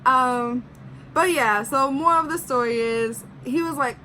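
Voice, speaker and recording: A young woman with a slightly high, bright, forceful voice chats casually as she tells a personal story. She fills her sentences with "like" and slips into the voices of the people in it. A faint hum of room noise sits underneath. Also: measured pace, rough recording. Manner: chatty, heavy use of "like", acts out quotes. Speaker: vlogger.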